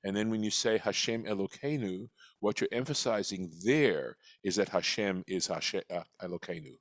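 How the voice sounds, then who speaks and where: A man teaching a study class, explaining slowly and reflectively, often restarting his sentences. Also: on the low side, no echo. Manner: reflective and patient, with frequent restarts. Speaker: teacher leading a weekly text study class.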